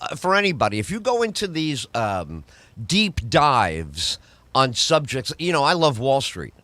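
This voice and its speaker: Speaking unhurriedly in a medium-pitched voice with no echo, a middle-aged New York radio host and comedian tells animated stories in conversation. He acts out what other people said in lively voices.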